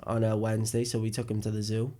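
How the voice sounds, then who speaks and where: A man's voice: on the low side, completely flat delivery, fast talker, mellow. A young man, a podcast co-host rambling through a funny story in casual chat. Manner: rambling storyteller, jokey, acts out dialogue.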